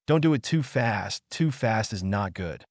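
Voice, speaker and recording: A man's voice: fairly low pitch, expressive, a little slow, dry recording, clean studio sound. A man putting on a coy, teasing young woman.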